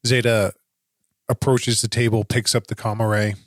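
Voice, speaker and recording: A man playing a tabletop game, calmly describing his character's actions. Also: lowish voice, normal speed. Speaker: player.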